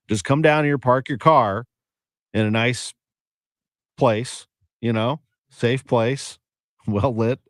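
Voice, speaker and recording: A man with a fairly low voice, a St. sports radio host, wraps up his show in a casual, chatty way, laughing easily and making wry remarks. The sound is dry and close, captured on a studio microphone with no echo.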